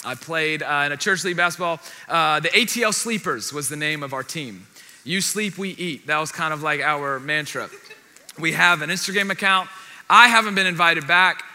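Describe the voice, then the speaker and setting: A young man preaching a sermon, telling a personal story in an animated, self-deprecating way with asides to the congregation. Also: fairly high pitch, normal speed. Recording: long hall reverb.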